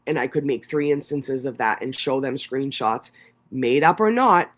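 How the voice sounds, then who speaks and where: A livestream host reads court documents aloud, then breaks off into blunt, profane commentary in a casual live style. His voice is mid-range and a bit bright, expressive and at a normal speed.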